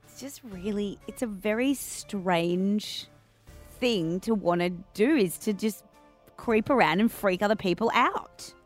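A woman's voice: mid-range voice, a little slow. A woman with an Australian accent co-hosting a radio show, chatting animatedly and laughing easily, with faint music behind. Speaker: radio co-host. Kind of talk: casual radio banter.

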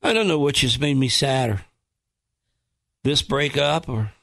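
A man's voice: mid-range voice, lively intonation, measured pace, vocal fry, fairly bright tone, dry recording. A man co-hosting a casual gossip chat, making wry, teasing jokes.

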